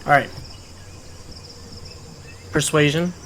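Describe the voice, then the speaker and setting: A woman playing a tabletop game, chatting casually in an eager, excitable way. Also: low voice, extremely slow, a little hiss or hum. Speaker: player.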